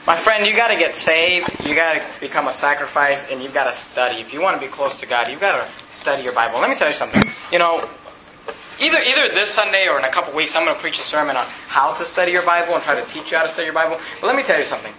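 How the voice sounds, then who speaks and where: A man pastor preaching a sermon with emphatic repetition, reading scripture slowly and deliberately. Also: fairly high pitch, echoey room, background noise. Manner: emphatic preaching, repeats scripture references, reads King James verses slowly. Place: church.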